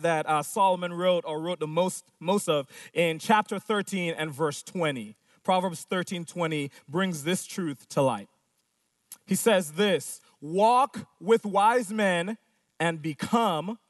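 A man preaching a sermon who asks rhetorical questions and slows down to stress key points. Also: a little high, no echo, studio quality, far from the mic.

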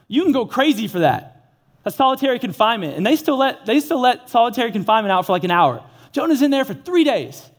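A young man preaching a sermon, telling a story with lively acted-out dialogue. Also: high voice. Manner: animated storytelling, acts out dialogue. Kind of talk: energetic sermon.

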